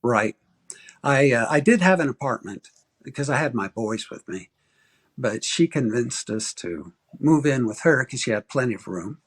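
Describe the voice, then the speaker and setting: A man in his sixties from Arizona, a guest author telling a personal story in a casual interview, animated and acting out quoted voices. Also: normal speed, breathy edge. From Arizona, USA. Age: 60s. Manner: animated storyteller, acts out quoted voices with big pitch jumps.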